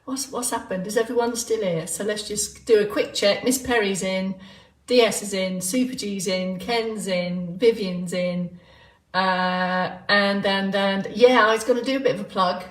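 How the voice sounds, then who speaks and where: A woman's voice: mid-range voice, steady tone, unhurried. A woman runs a live movement class, chatting and joking as she greets people by name. Her voice sits back from the mic in a roomy, echoing space. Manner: chatty, rambling, jokey, greeting viewers by name. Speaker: exercise class instructor. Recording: roomy sound from a distant mic.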